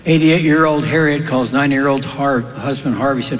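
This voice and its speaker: A man doing stand-up, telling jokes with brisk deadpan delivery. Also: medium pitch. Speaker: stand-up comedian. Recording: long hall reverb, faint crowd noise.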